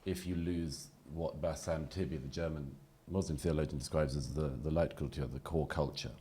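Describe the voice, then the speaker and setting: A man with a strikingly deep, husky voice argues his point on a debate panel. He speaks in an articulate, polemical way with a dry, wry edge. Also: steady tone, normal speed, warm tone.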